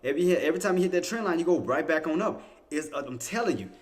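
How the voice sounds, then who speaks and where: Rapid-fire and on the high side, a man hosts a day-trading livestream and talks the chart through in real time. His live market commentary is full of repetition and restarted lines, muttered to himself, with excited, insistent bursts.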